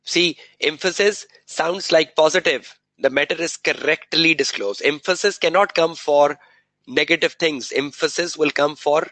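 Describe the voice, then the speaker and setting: A man's voice: a little high, normal speed, sharp tone, dry recording, rough recording. Man drilling students with repeated questions. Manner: repeats key words and phrases for emphasis. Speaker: exam revision lecturer. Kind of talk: live revision lecture.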